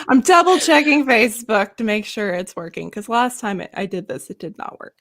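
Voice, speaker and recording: A woman with an Arkansas accent hosts a relaxed podcast chat, her voice sitting a little high and swinging through a lively melody. She is bubbly and breaks into laughter often. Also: normal speed. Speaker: podcast host. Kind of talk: casual chat.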